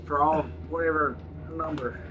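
A man's voice: a little high, fairly even intonation, normal speed, background noise. A man with the hiccups giving casual, joking commentary while playing a video game, laughing often. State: has the hiccups. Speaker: let's play co-host.

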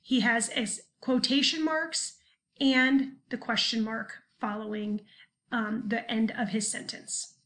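Bright, high-voiced woman teacher explaining slides. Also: steady tone, a little slow. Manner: patient, explains step by step, clears throat often. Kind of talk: recorded classroom lesson over slides.

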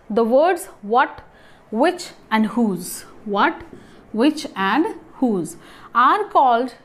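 A woman teaching grammar and asking the class questions, then answering them herself. She talks haltingly, with restarts and fillers. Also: fairly high pitch. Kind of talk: classroom lesson.

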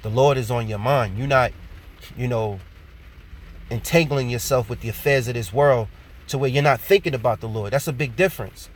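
A man giving an informal sermon. He reads scripture slowly, repeats his points and ends many phrases with "man". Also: medium pitch, a little hiss or hum. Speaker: preacher.

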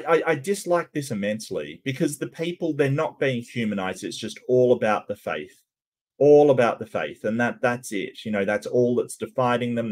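A man talks through his reactions casually in a mid-range voice, stopping often to stammer, restart and fill the gaps with ums. He sounds unscripted and thinking aloud, like a host chatting to his viewers. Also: mid-range voice. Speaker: channel host reacting to cartoon clips.

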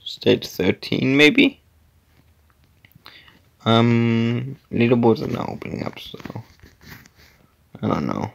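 A man's voice: mid-range voice, lively intonation, takes it slowly, vocal fry, long pauses. A man giving casual commentary while playing an obstacle-course game, muttering to himself, sometimes dropping to a whisper and sometimes exclaiming at setbacks.

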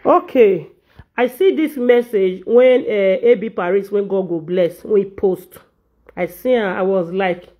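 A woman's voice: mid-range voice, measured pace. A woman with a Nigerian Pidgin accent ranting to her viewers, repeating phrases to drive each point home. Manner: emphatic, repeats phrases for stress. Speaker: vlogger. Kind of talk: casual ranting monologue. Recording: dull lo-fi audio.

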